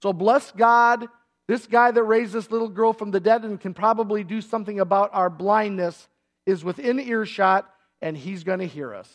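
A man's voice: sits high, moderate pace. A middle-aged man preaching a sermon, telling the story with energy and acting out the people in it. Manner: animated storytelling, acting out voices and shouts. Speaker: pastor.

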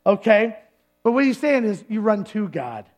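High-voiced man preaching a sermon. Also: very animated, moderate pace, a little mellow. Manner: conversational preaching, acts out quoted voices. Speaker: pastor. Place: church service.

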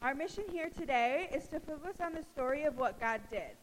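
A woman's voice: high-pitched, expressive, fairly quick, long reverb tail. A woman co-hosting a church stage skit, dry and skeptical. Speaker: skit co-host.

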